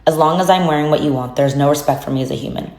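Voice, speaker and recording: A woman with a low voice reads document passages aloud quickly and solemnly. The sound carries a noticeable room echo around her. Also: darkish tone. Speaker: narrator reading documents.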